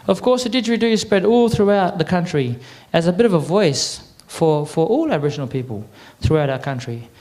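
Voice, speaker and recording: An Australian man presenting to a live audience, chatty and a little croaky, getting the crowd to repeat words back. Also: fairly high pitch, a little mellow. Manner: chatty, quizzes the crowd with call-and-response. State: a bit croaky. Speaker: cultural presenter. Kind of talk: lively audience address.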